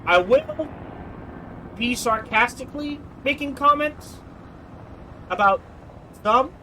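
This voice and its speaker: A man's voice: extremely high pitch, animated, slow, sharp tone, slight background noise, rough recording. Rambling man commenting on gameplay. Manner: rambling, restarts and self-corrections. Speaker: let's play host.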